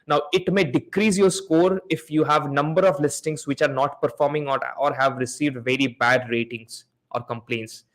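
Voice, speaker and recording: A man's voice: a little high, steady tone, normal speed, hardly any pauses, a bit bright. Man hosting a live seller-ads Q&A. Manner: explains step by step, repeats points, asks the audience questions. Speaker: host of a live Amazon PPC Q&A session. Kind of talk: live webinar teaching with screen share.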